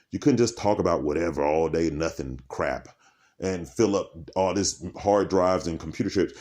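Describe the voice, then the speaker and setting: A man vlogging alone in a dark room by candlelight, rambling from topic to topic and laughing as he talks. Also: lowish voice. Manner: animated, laughing, jumps between topics. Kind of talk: rambling stream-of-consciousness monologue.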